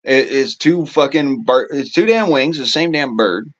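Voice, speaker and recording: A man's voice: mid-range voice, a little slow, highs cut off. A man hosting a casual political monologue, talking in a rambling, profane way with folksy turns of phrase. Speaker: show host.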